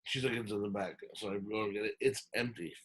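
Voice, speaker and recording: A man with a lowish, breathy-edged voice talks fast on a podcast, retelling a long story with plenty of fillers and restarts. He performs the quoted lines in an animated way.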